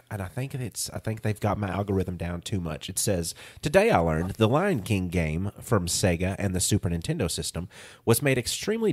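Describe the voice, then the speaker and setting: A man co-hosting a podcast in casual chat, rambling and correcting himself as he goes. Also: on the low side. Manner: rambling, self-correcting, laughs easily. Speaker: podcast co-host.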